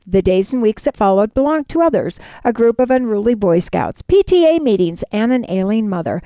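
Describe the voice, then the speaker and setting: A woman reading a first-person story aloud in an expressive, measured way. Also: a little high, no room sound.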